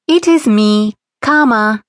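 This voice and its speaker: A woman's voice: fairly high pitch, slow, no echo, pitched above the performer's own voice. A woman voicing a charming, ageless male god in a children's audiobook, sweet and teasing. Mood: delighted.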